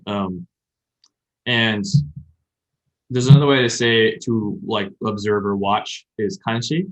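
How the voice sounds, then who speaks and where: A man's voice: lowish voice, fairly even intonation, slow pace, rough recording. A man co-hosting a casual podcast, explaining Japanese vocabulary in a rambling way with lots of fillers and restarts. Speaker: podcast co-host. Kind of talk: casual chat about learning Japanese.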